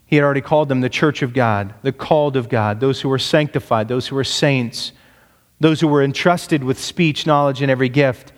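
Emphatic preacher in a reverberant hall. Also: male voice, a little fast. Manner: emphatic, rises in pitch to stress points; asks the congregation rhetorical questions. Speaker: pastor. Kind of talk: sermon.

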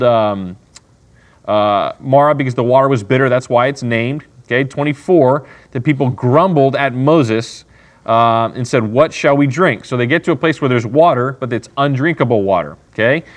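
A man leading a Bible study, talking casually and often checking in with "okay?" as he acts out what people would say. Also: mid-range voice. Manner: conversational, acts out people's lines. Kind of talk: casual teaching.

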